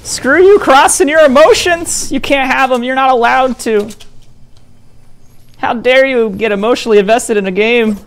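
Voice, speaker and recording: A man putting on a shrill, sarcastic voice to mock people who criticize him. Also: normal speed. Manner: exaggerated mocking whine.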